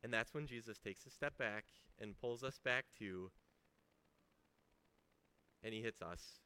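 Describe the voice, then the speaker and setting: A man's voice: on the low side, measured pace, pauses often, sharp tone, smooth. A man giving a sermon as a pastor, talking conversationally with emphasis and rhetorical questions.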